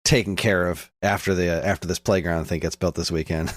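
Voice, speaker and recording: A man co-hosting a casual podcast, chuckling and dropping quick wry jokes. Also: sits low, steady tone, no room sound. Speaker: podcast co-host. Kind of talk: casual chat.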